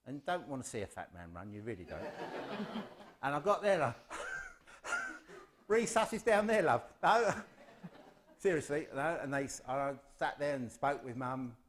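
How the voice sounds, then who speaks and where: A man's voice: mid-range voice, sing-song, measured pace, pauses often, a bit bright, slight background noise. An English man giving a chatty, self-deprecating, humorous address at a spiritualist service. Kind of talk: informal humorous address to a congregation.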